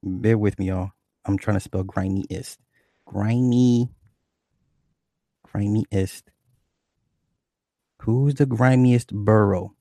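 A man's voice: fairly low pitch, steady tone, takes it slowly, pauses often, dark tone, no room sound, studio quality. A man hosting a livestream, chatting casually and in a rambling, profane way, reading viewers' comments aloud. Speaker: livestream host.

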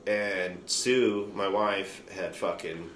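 Low-voiced man telling profane stories. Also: fairly even intonation, slow pace, fairly bright tone. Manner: loose, profane, rambling retelling. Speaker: podcast host. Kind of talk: casual storytelling chat. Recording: roomy room with faint noise.

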